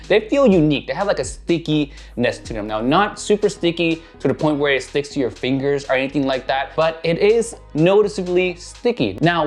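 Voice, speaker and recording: A man reviewing in-ear monitors in a casual, excited way, his voice raspy and hoarse from illness. He sits a little higher than the average male voice. Light background music plays beneath him. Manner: enthusiastic, casual and chatty. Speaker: audio gear reviewer. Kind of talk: product review talking to camera.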